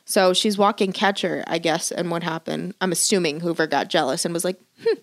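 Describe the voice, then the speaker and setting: Brisk and lowish-voiced, this podcast co-host chats casually, wandering through stories and swearing without restraint.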